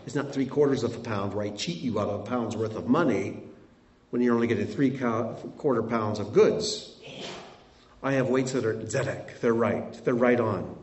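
Captured by a far-off mic in a roomy space, this middle-aged man's voice is medium in pitch and a little mellow. Preaching as a pastor, he keeps it conversational and poses rhetorical questions to the congregation.

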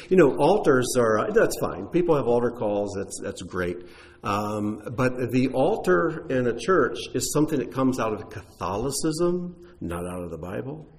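A pastor answers his congregation's questions at a measured pace, his medium-pitched voice making big pitch swings. He's conversational and explanatory, relying on fillers and frequent restarts.

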